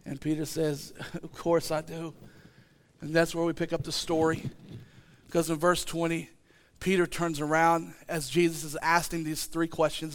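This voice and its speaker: A man preaching a sermon, animated and emphatic, full of repeated rhetorical questions and rising to shouts. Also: a little high, normal speed. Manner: animated, acting out the disciples' voices, rising to shouts.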